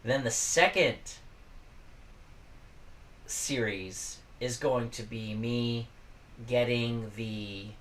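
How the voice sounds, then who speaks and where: A man's voice: mid-range voice, a bit bright, far from the mic. Rambling man live-streaming from his garage. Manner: rambling, chatty, talks to viewers. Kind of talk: casual live-stream chat.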